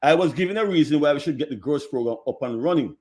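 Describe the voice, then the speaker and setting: Guest on a sports show, quick and a bit high, keeps repeating himself defensive. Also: male voice, expressive, darkish tone. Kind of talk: heated call-in debate.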